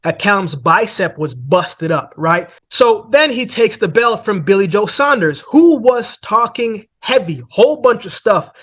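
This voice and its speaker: High-voiced man breaking down boxing. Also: sing-song, measured pace, few pauses, fairly bright tone, breathy edge. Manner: conversational, says "man" and "right?" often. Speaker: boxing analyst host.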